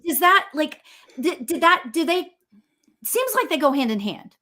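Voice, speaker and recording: A woman's voice: high voice, sing-song, unhurried, sharp tone. A woman hosting an interview, chatting enthusiastically and exclaiming often. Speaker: host. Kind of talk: casual interview chat.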